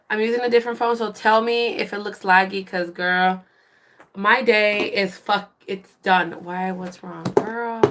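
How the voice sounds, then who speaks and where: A woman's voice: mid-range voice, background noise. A young woman chatting casually on a phone livestream, venting that she is fed up and swearing casually. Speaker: livestream host. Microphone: phone camera.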